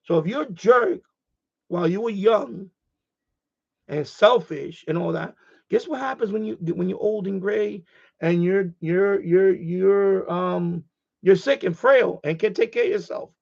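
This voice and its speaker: A man's voice: sits high, measured pace, creaky, darkish tone, highs cut off. A man hosting a casual ham radio live stream, rambling and repeating himself as he gets heated.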